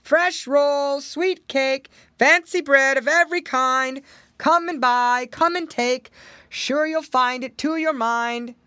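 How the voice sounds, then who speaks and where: A woman reading a storybook aloud, voicing a male street baker who calls out his wares in a loud sing-song. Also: high voice, slow, no room sound, voice pushed up, exaggerated voice. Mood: hawking.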